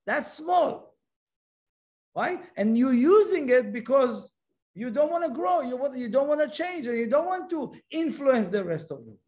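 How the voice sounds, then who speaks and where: A man with a notably high voice teaches a spiritual class as a Kabbalah teacher. He talks emphatically, circling back on his words and posing rhetorical questions to his listeners. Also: very animated, unhurried, darkish tone.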